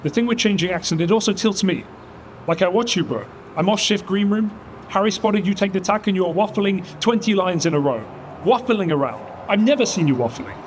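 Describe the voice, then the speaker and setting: A man's voice: high-pitched, animated, brisk, slight background noise. A male caster lecturing a colleague, frustrated.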